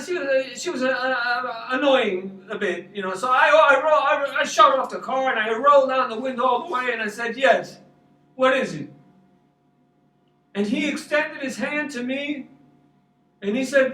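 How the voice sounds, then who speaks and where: High-voiced New pastor, rambling. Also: male voice, sharp tone, echoey room, distant mic, rough recording. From Long Island, New York. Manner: rambling, repeats words, emphatic. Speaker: street pastor. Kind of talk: storytelling testimony.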